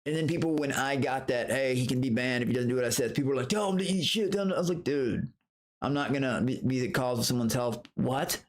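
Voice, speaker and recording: A man streaming live, telling a story in a profane, animated rant, breaking into high outbursts and greeting viewers from chat. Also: fast. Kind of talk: casual livestream rant.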